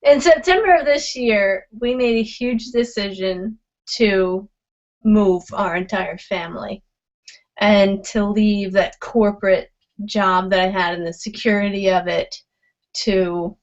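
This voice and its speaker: Woman participant, very unhurried and hesitant, slightly dull video-call audio. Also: mid-range voice. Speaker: discussion participant. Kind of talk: casual personal sharing.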